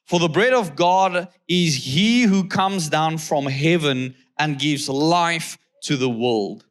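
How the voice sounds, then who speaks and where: A man with a South African accent delivering a sermon, his voice sitting a little higher than most men's. He reads scripture at a measured pace and breaks it up with questions to the congregation. He often checks in with a quick "okay?". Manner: reads scripture slowly, then asks the crowd rhetorical questions. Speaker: guest pastor.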